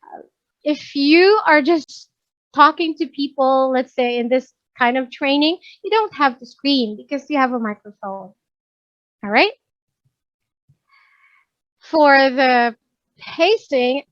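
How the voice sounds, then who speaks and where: A woman with a high voice leads a workplace speaking lesson, speaking slowly and deliberately and often checking that the class follows. The sound is dry and a little dull, like a basic lo-fi mic. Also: expressive, fairly bright tone, dry recording. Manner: addresses learners directly, checks understanding with "right?"; demonstrates pacing by slowing down deliberately. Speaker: workplace communication trainer. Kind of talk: live online training lesson.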